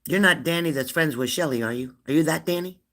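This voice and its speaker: A woman in her fifties hosting a live stream, chatting warmly and laughing as she reads out viewers' comments. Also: sits low, fast. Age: 50s. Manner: chatty and affectionate, laughs often, answers comments aloud. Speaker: livestream host of a spirit-messages channel.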